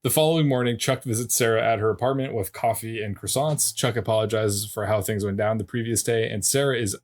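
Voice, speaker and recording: A man co-hosting a podcast, narrating an episode recap in a steady way with dry little asides. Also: fairly low pitch, brisk. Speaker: podcast co-host.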